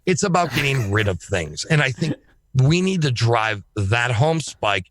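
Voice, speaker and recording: A man speaking as a guest on a podcast, talking in an emphatic, excitable way and swearing freely. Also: mid-range voice, measured pace. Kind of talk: casual podcast chat.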